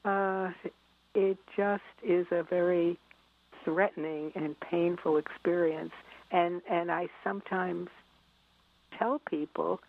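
A middle-aged woman with a gravelly, husky voice tells stories animatedly. She acts out scenes and laughs often. Her voice comes through a dry, tinny phone-like line. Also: on the low side, steady tone, slow. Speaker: author and parenting expert. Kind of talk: storytelling in a conversation.

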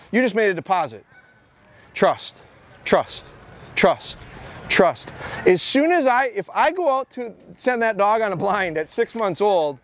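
A man who is a dog trainer giving an energetic, repetitive talk at a live training seminar outdoors. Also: extremely high pitch. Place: outdoor expo training area.

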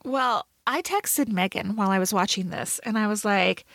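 A woman co-hosting a podcast in casual chat, talking fast and loose with lots of fillers and playful quoted asides. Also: medium pitch, gravelly, fairly bright tone, dry recording, studio quality. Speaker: podcast co-host.

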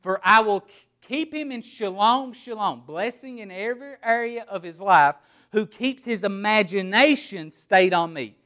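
A man preaching a sermon in a noticeably high voice. He stresses words one by one and poses rhetorical questions, then drops quiet and low to land his key points. He sounds middle-aged. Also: moderate pace. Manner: emphatic preaching, word-by-word emphasis, rhetorical questions. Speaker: pastor.

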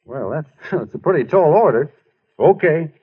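A man playing an earnest, bashful young ballplayer in 1940s radio acting, his voice husky on a tinny old broadcast. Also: fairly high pitch, lively intonation, normal speed. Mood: encouraging.

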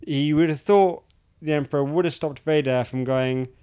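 A man's voice: fairly high pitch, normal speed, mellow, smooth. A man in his thirties ranting in casual chat, swearing freely and restarting his sentences.

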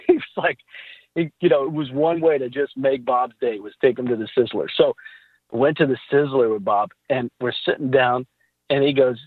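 A man talking casually about faith as a podcast guest, telling animated stories with laughs. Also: mid-range voice, moderate pace, breathy edge, dry recording. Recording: tinny phone-like line.

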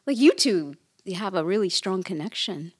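A woman co-hosting a podcast, chatting excitedly, laughing, and asking lots of questions. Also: medium pitch, moderate pace, slightly rough. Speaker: podcast co-host, medium. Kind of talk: casual chat.

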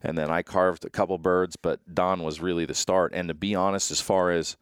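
A man with a low, resonant voice hosts a casual chat. He rambles through his stories with frequent restarts. The sound is dry and close. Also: little pitch movement, clear, resonant tone, dry recording. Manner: rambling storyteller, quick repeated restarts. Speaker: podcast host.

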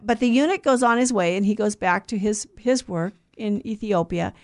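A woman's voice: mid-range voice, normal speed. A woman teaching scripture to a group in a conversational way, often asking them questions. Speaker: Bible teacher.

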